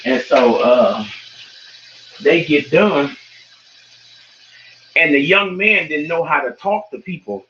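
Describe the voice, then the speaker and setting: A man casually retelling a movie plot, a little wheezy and out of breath, now and then acting out lines in a high excited voice. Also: slow, pauses often, slight background noise. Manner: animated storyteller, acts out quotes in a high excited voice. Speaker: online show host. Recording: dull lo-fi sound.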